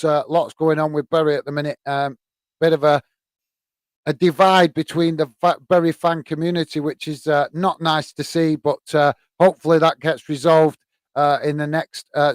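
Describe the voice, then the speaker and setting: Man, relaxed live football commentary. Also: on the high side, normal speed, clear, resonant tone, no echo. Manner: hesitant, many fillers, friendly. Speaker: host. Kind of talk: live match commentary and chat.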